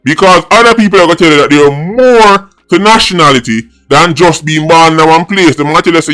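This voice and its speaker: A man's voice: a little high, a little fast, hardly any pauses, fairly bright tone, soft background music. A middle-aged Jamaican man with a Jamaican accent, giving a blunt, mocking monologue as a political vlogger, mixing patois and English. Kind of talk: opinionated monologue.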